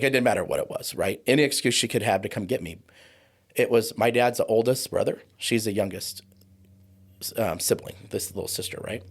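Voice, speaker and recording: A man's voice: fairly low pitch, slightly rough. A man in his forties, a guest on an interview show, telling a personal story vividly and acting out the voices of people in it. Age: 40s. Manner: vivid storyteller who acts out quoted voices. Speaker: guest, trauma coach.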